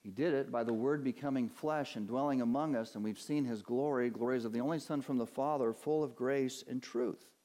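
A man preaching a sermon as pastor. He poses questions to his listeners and answers them, drawing out key words and climbing higher and stronger when he drives a point home. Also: dark tone. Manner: earnest preaching, rising in pitch and force for emphasis, slows on key words.

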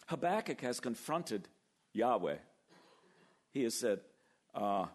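Animated male preacher. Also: medium pitch. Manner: animated, acts out biblical voices, slows for emphasis. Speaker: pastor. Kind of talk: sermon.

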